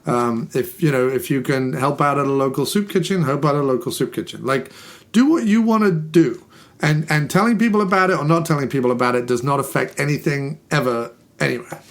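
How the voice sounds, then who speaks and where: A man hosting a podcast, talking in a casual, ranty way and repeating phrases for emphasis. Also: on the high side. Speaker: podcast host. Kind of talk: casual chat.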